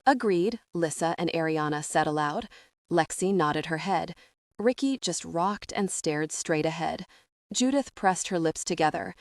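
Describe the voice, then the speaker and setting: A woman narrating a novel in a steady, even reading voice. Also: low-pitched, a little slow, dry recording, clean studio sound. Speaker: audiobook narrator. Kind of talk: scripted audiobook narration.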